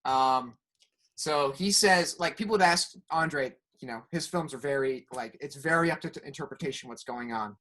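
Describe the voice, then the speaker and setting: A man's voice: mid-range voice, normal speed, sharp tone. A man co-hosting a casual film podcast, hesitant and self-conscious, with many ums. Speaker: podcast co-host.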